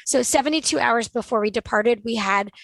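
A woman's voice: fairly high pitch, fairly quick, creaky, a bit bright, poor audio. A young woman co-hosting a podcast, upbeat and conversational as she leads into segments. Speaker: podcast co-host. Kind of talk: casual podcast chat.

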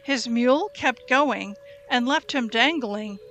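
Woman, scripture reading, clear ringing tone, steady storytelling delivery. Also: on the high side, slow pace, soft background music. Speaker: Bible reader.

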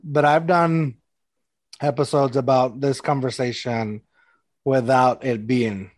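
A man's voice: mid-range voice, fairly even intonation, takes it slowly, dry recording. A man hosting a podcast, telling stories in a rambling, casual way full of "like". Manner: rambling storyteller, lots of "like". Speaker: podcast host. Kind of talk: casual chat.

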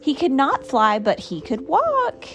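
A woman reading a picture book aloud to her child in an expressive, sing-song storytelling manner. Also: high-pitched, measured pace, a little hiss or hum.

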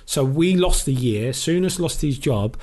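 A middle-aged former footballer, speaking at medium pitch with an expressive, measured delivery and dark tone, casually tells a long story on a podcast. He swears freely and acts out what others said to him in quoted dialogue.

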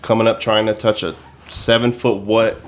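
A man's voice: on the low side, level tone, normal speed. A man co-hosting a comedy podcast, swearing a lot and rambling with false starts. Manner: profane, rambling with restarts. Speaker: podcast co-host. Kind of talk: casual chat.

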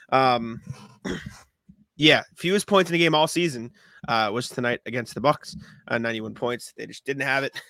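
A man hosting a casual sports podcast, talking loosely and reeling off stats in quick lists. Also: medium pitch, pushed and bright, dry recording, studio quality. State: has the hiccups. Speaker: podcast host.

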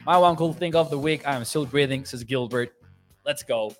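A man's voice: mid-range voice, moderate pace, soft background music. A young man hosting a sports livestream, reading viewer comments aloud in an upbeat, chatty way and laughing often. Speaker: sports podcast host.

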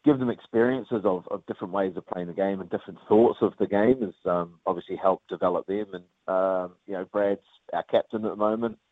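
A man's voice: sits low, fairly even intonation, fairly quick, no echo. A man with a New Zealand accent, a rugby player chatting casually in an interview, rambling with lots of fillers and calling the host mate. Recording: phone-line audio.

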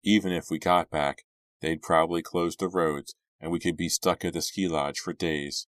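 An easygoing teen boy in the back seat, read by a man in a low, dry voice, soft-spoken and unhurried, with a teasing streak. storybook style. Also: steady tone, no echo.

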